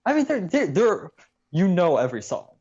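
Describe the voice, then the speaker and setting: A man's voice: high-pitched, normal speed, highs cut off. A young man co-hosting a casual podcast chat, rambling and swearing as he tells his opinions. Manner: rambling, profane, animated storytelling. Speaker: podcast co-host.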